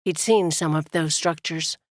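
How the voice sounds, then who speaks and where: A woman narrating an audiobook in a steady, measured way. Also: low voice, dry recording, clean studio sound.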